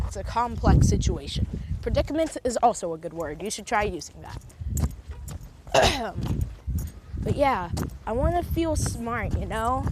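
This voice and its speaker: A woman's voice: mid-range voice, expressive, moderate pace, noisy background. A young woman vlogging from her phone, rambling and correcting herself in a casual monologue. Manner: rambling, self-correcting, heavy use of filler words. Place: recording on a phone while out and about.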